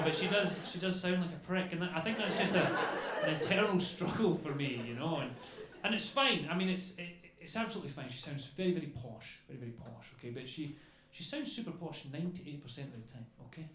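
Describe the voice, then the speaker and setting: Brief: male stand-up comic, slightly high pitch, loose chatty rambling delivery, live echoey club room. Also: animated, a little fast, few pauses, very noisy. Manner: rambling, chatty, peppered with "okay?" and "you know". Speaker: stand-up comedian. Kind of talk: stand-up comedy set. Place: comedy club stage.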